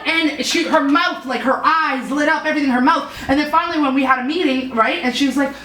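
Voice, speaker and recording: High-voiced woman hosting a panel chat. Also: fast talker, hardly any pauses. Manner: animated, storytelling, repeats herself when flustered. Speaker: panel host. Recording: roomy, distant mic, noisy.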